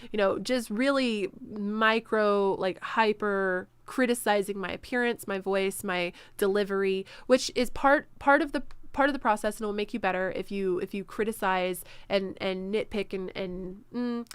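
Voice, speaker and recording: A woman's voice: medium pitch, normal speed, few pauses, smooth, no room sound. A woman streamer answering viewer questions in a casual live Q&A, full of ums and self-corrections. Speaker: streamer hosting a Q&A.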